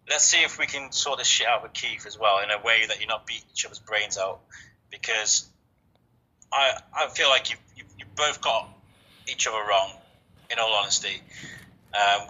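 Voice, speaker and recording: A man chatting on a podcast in a very bright, tense voice with a husky edge. He talks earnestly, swears freely and restarts his sentences often. The sound is dull and lo-fi. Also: medium pitch. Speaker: podcast host. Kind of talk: casual chat.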